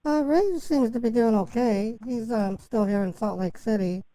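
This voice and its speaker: A woman with a mellow, warm voice rambles on a phone call. She stammers and restarts her sentences, fills the gaps with ums, and the sound is dry and close. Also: on the high side, dry recording. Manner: halting, stammering, full of fillers and restarts. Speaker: scambaiter posing as a victim.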